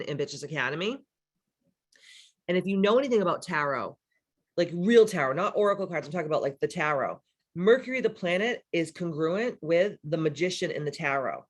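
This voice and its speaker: A woman in her forties, a spiritual life coach, teaching in a casual, blunt way with swearing and frequent "right?" asides. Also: deep voice.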